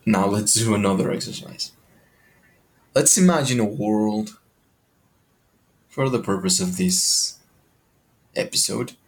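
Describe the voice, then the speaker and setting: A man's voice: lowish voice, creaky. A man hosting a podcast, talking in a motivational monologue that is full of questions and casual swearing.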